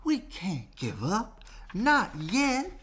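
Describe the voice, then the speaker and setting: A man's voice: sits high, wildly swooping pitch, drawn-out words, fairly bright tone, breathy edge, pitched above the performer's own voice, exaggerated voice. Tiana, a man putting on a young woman's Southern voice. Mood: determined. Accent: put-on Southern US. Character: young woman, hopeful and determined, with a Southern accent. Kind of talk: storybook read-aloud.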